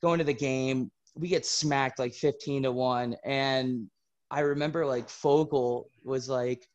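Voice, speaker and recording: A podcast host casually telling a story, animated and laughing through it. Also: male voice, mid-range voice, a little slow, dull audio.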